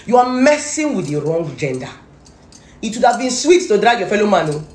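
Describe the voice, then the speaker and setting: A woman's voice: medium pitch, very animated, fairly quick, darkish tone, roomy sound. A woman with a Nigerian accent, ranting angrily and scolding someone directly as a gossip commentator. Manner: scolding, repetitive, confrontational. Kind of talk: angry rant to camera.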